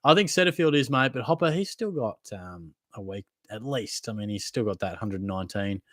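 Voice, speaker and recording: A young Australian man hosts a casual live Q&A for a fantasy football livestream, reading viewer comments in a laid-back, matey way. His fairly low voice is brisk and lively in intonation, recorded at studio quality with no room sound.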